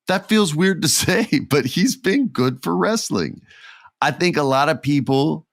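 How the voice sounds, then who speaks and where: A middle-aged man hosting a casual wrestling podcast, telling stories in an animated way and acting out the people in them. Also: mid-range voice, no room sound, studio quality. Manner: animated storytelling with character voices. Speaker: podcast host.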